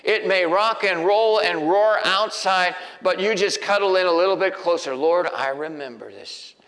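A male pastor delivering a sermon in a church, moving between hushed, near-whispered prayers and loud, emphatic preaching. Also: high voice, steady tone, normal speed. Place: church sanctuary. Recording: long reverb of a large hall.

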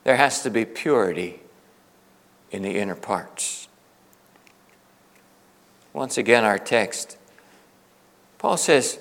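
Animated preacher in a reverberant hall. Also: male voice, fairly low pitch, slow, creaky, pauses often. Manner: animated preaching, swinging between loud peaks and hushed asides. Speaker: pastor. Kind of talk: sermon. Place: church sanctuary.

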